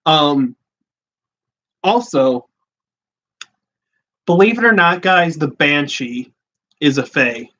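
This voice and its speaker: A man's voice: a little high, animated, slow, pauses often, pushed and bright. A man hosting a casual livestream, talking in a chatty, rambling way with many fillers. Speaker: podcast host. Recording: dull lo-fi sound.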